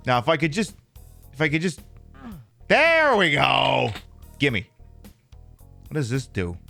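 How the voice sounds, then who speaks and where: Animated man streaming a shooter game. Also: medium pitch, slow, creaky, long pauses, faint music behind. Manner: animated, jokey, swears at the game enemies. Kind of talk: live-streamed gameplay chat.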